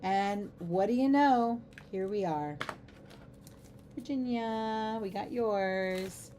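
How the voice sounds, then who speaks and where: A woman's voice: medium pitch, takes it slowly, noisy background. A middle-aged woman hosting a craft livestream, chatting casually and giggling through rambling asides as she works. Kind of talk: casual chat while crafting.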